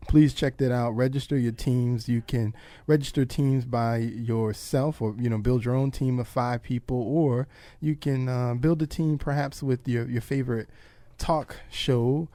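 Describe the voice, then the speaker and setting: A laid-back man hosts a radio talk show, chatting casually and laughing easily. His voice is mid-pitched and sounds dry and close, with little room sound. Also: fairly even intonation, unhurried, few pauses, mellow, no echo.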